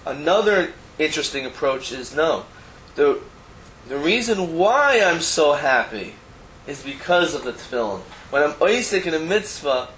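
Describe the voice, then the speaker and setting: A man's voice: on the high side, expressive, normal speed, fairly bright tone. Man teaching Talmud in an echoey room. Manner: explains text line by line, mixing Hebrew terms with casual asides. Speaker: Torah teacher. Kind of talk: Talmud class lecture. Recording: roomy echo, faint background noise.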